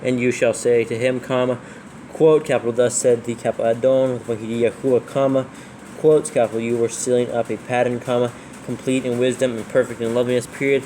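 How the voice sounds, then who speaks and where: A man proofreading scripture aloud, reading slowly and calling out every comma, quote and capital letter. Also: medium pitch, flat delivery, warm tone, slight background noise. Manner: reads slowly, spelling out punctuation and capitals. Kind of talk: dictating text with punctuation.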